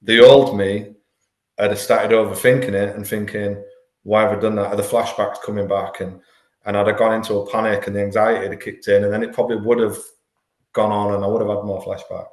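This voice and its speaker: Brisk and level in tone, this fairly low male voice belongs to a life coach in his 40s appearing as a podcast guest. In the candid, conversational interview he sounds earnest, repeating words whenever he restarts a thought, and the recording carries a roomy echo.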